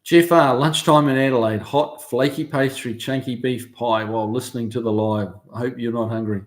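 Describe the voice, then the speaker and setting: Relaxed New Zealand man chatting live. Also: mid-range voice, fairly quick. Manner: relaxed and chatty, many ums and uhs, friendly banter. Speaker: car shop owner hosting a live stream. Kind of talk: casual live-stream chat, reading out viewer comments.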